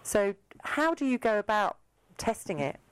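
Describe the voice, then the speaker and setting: A woman's voice: mid-range voice, big pitch swings, normal speed, clean tone, low-quality recording. A woman hosting a casual studio chat on the radio, chatty and teasing, laughing often. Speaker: radio host.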